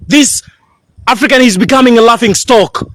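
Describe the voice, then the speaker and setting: A man delivers a furious video rant, swearing and hammering the same accusations. His voice sits very high for a man, and the recording is dry and close. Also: moderate pace, a bit bright, no room sound. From Tanzania.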